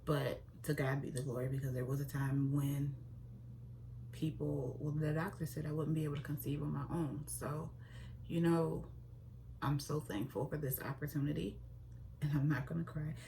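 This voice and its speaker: Young female vlogger, low pitch, chatty and expressive, slight hiss. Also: normal speed, gravelly, rough recording. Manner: chatty and expressive, with sudden high-pitched exclamations. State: pregnant. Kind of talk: casual chat to camera.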